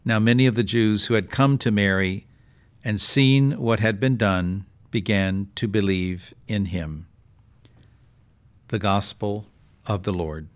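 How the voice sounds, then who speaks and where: A middle-aged man who is a bishop, reading a gospel passage in a measured way and then reflecting on it with pauses and fillers. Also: lowish voice. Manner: measured, with pauses and fillers when speaking freely. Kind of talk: scripture reading and reflective discussion.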